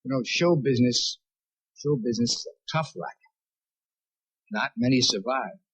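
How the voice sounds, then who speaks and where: A man's voice: mid-range voice, normal speed, a bit bright, slightly rough, low-quality recording. A man as guest of honor at a comedy roast, telling wry self-mocking jokes in a vintage television broadcast recording. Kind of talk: stand-up roast speech.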